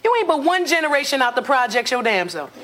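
Sassy scolding sitcom woman, high lively voice, roaring studio audience, noisy old TV clip. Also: fast talker, a loud crowd. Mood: teasing scold. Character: sharp-tongued woman scolding a snooty friend. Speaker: sitcom character. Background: studio audience laughter.

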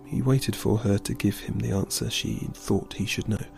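A man reading a story aloud in a calm, steady storybook narration. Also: on the low side, moderate pace, gravelly, soft background music.

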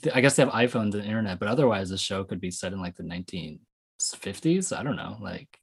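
Husky low-voiced man hosting casually. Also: expressive, quick pace. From US West Coast. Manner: rambling, many fillers and restarts. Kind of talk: casual discussion.

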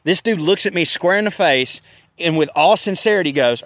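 A man, telling a profane, animated story in a casual rant. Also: fairly high pitch, normal speed, no echo. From American South. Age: 30s. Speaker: podcast host.

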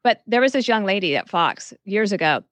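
A woman's voice: mid-range voice, expressive, fairly quick, a bit bright, dry recording. A woman guest on a podcast interview, frankly giving career advice and telling stories from her work. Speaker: guest author.

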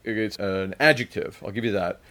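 A man's voice: lowish voice, moderate pace, fairly bright tone. Podcast co-host, male, playful quizmaster energy, laughs easily. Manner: playful quizzing, laughs often. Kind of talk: casual comedic chat.

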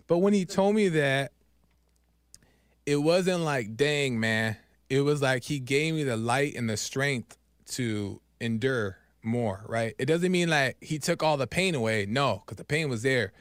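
A man's voice: mid-range voice, normal speed, no echo, clean studio sound. Earnest man telling a faith story. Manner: earnest, animated storytelling with preacher-like repetition. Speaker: podcast host. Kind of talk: personal faith talk.

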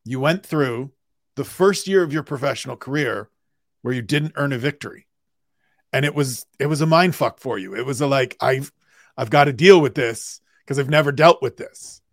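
A man's voice: medium pitch, moderate pace, no room sound, studio quality. A man hosting an interview podcast, asking long, conversational questions. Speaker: podcast host.

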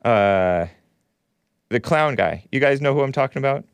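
A man's voice: mid-range voice, animated, moderate pace, clean tone, dry recording. Sarcastic man hosting a call-in show. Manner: combative, sarcastic, rambling asides. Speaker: talk show host. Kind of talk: opinionated call-in show monologue.

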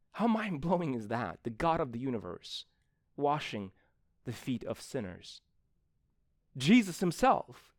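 A man's voice: medium pitch, dry recording, clean studio sound. A young adult man preaching a live sermon in a church, talking conversationally and acting out little exchanges with people. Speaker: pastor.

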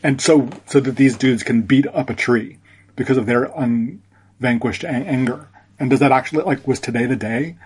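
A man guest on a podcast, telling a reflective story in a halting way, with many restarts. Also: mid-range voice, slightly rough.

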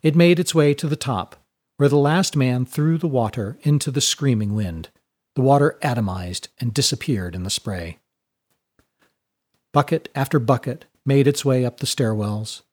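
Brief: male audiobook narrator, mid pitch, husky tone, even storytelling pace. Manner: steady, measured storytelling. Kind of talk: serialized audiobook reading.

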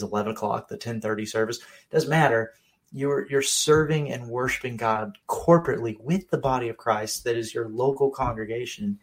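A man who is a pastor, co-hosting a casual faith podcast and explaining his views in a conversational, sometimes emphatic way. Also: mid-range voice.

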